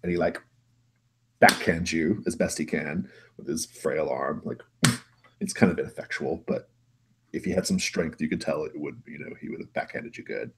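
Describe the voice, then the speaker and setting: A man narrating as game master of a tabletop role-play in a relaxed, halting way. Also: a bass voice, slight background noise.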